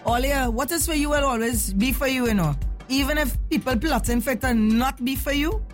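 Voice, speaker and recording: Animated Trinidadian woman chatting live. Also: sits high, brisk, faint music behind. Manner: playful, animated, in dialect. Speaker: live stream host. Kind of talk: casual live chat with viewers.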